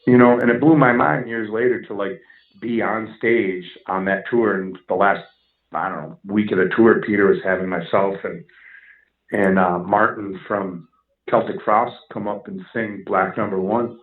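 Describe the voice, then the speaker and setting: A man, telling music stories in a casual interview, animated and swearing freely. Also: on the low side, moderate pace. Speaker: musician guest. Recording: echoey, dull lo-fi sound.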